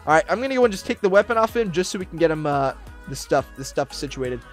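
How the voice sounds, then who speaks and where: Excitable male gamer, high voice, rambling roleplay commentary, faint music behind. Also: fast talker. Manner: excitable, barking commands, rambling with fillers. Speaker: roleplay YouTuber.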